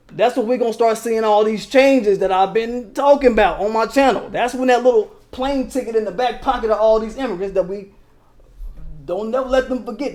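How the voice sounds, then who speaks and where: A man with a fairly high voice hosting his own commentary channel. He talks straight to viewers in heated, slangy street talk, swearing freely as he argues his point. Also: a little mellow. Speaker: political commentary channel host. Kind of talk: casual political commentary.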